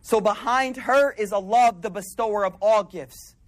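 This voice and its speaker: A high-pitched man delivers a sermon as a casual story. He talks in an animated, street-casual way and often sinks into hushed, soft-spoken asides. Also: normal speed. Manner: animated, conversational, drops into quiet soft asides. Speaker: preacher.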